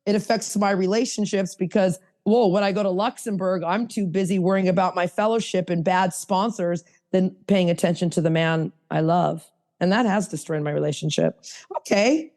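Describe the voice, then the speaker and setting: A woman hosting a podcast, teaching a hands-on workshop in a casual way, blunt and self-mocking, swinging from low asides to high emphatic bursts. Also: steady tone, moderate pace, darkish tone. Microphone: podcast mic.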